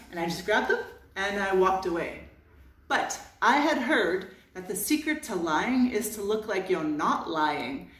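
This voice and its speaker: A woman in her thirties from Canada telling a comic personal story, animated and self-mocking, with dramatic pauses. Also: mid-range voice. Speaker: vlogger. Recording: roomy sound from a distance.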